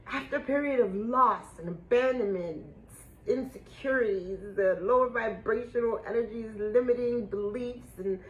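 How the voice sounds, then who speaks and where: Woman tarot reader, higher voice, emotional and casual with some swearing, faint background hiss. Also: low-quality recording. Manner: emotional, swinging from excited squeals to hushed awe; casual and profane, addresses viewers as guys. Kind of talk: spiritual tarot reading to viewers.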